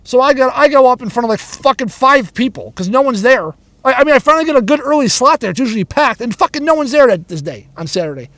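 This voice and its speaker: A man's voice: extremely high pitch, animated, fast talker, hardly any pauses, a bit bright, no echo. A man who does stand-up comedy, telling a story as an angry, profanity-heavy rant that stumbles and repeats itself. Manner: angry, profanity-laden, stammering.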